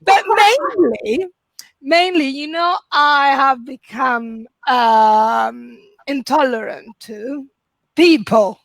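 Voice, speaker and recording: A high-voiced woman with an Italian accent does stand-up comedy from home over a video call. She talks slowly, often breaks into laughter partway through a sentence, and mocks herself. The sound is dry and close. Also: no echo. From Italy. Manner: chatty, self-mocking, often laughing mid-sentence.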